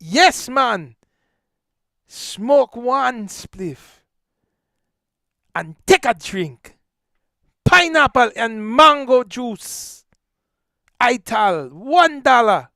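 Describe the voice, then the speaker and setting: A man voicing a laid-back male stoner from Kingston, speaking in a loud, drawling Jamaican accent. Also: very high-pitched, very animated, drawn-out words, gravelly, pauses often, dry recording, studio quality, pitched above the performer's own voice, heavily acted. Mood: easygoing.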